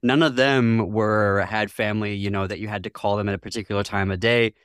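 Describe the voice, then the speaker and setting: A man's voice: on the low side, fairly even intonation, fairly quick, a bit bright, smooth, dry recording, studio quality. A man from Michigan as a guest in an interview, speaking thoughtfully, laughing often and acting out what others said. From Northwest Lower Michigan, US. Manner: thoughtful, laughs often, acts out quoted voices. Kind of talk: reflective interview conversation.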